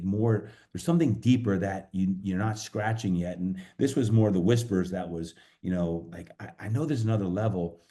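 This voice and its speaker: A man with a fairly low, dark and mellow voice, speaking as a guest on a podcast. He tells a personal story earnestly and reflectively. He often pauses on fillers and restarts his sentences. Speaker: podcast guest, fitness coach.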